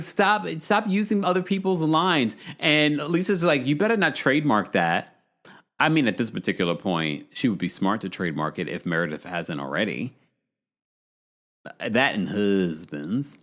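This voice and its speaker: A man hosting a podcast, recapping a reality show in casual, gossipy chat with animated asides and laughs. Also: fairly low pitch, normal speed.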